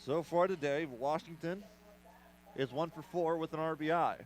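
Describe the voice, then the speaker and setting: Guy calling a ball game on radio, quick n playful, a bit higher pitched. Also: slight background noise, low-quality recording. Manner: brisk play-by-play with playful asides. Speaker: play-by-play announcer. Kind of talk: baseball radio commentary.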